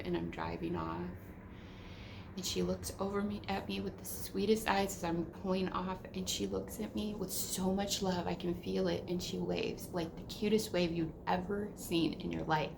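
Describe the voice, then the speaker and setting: A middle-aged woman gives a candid spiritual talk in a low voice with a gravelly, fry-laden edge. She tells her stories vividly, dropping to whispers and jumping to exclamations, and swears without a second thought. A faint hiss of noise sits beneath her voice. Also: flat delivery, moderate pace. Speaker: spiritual teacher. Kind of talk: casual spiritual teaching monologue.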